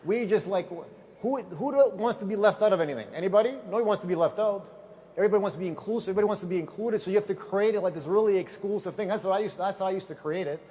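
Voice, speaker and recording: A man giving a motivational seminar talk to a live audience, telling lively stories and asking the room questions. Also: high-pitched, rapid-fire. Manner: energetic storyteller, asks the audience questions. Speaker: business trainer.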